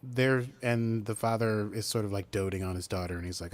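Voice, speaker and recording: In a lowish voice at a moderate pace, a man co-hosts a podcast and recaps a TV episode in casual chat. He is animated, acting out the characters' lines as he goes.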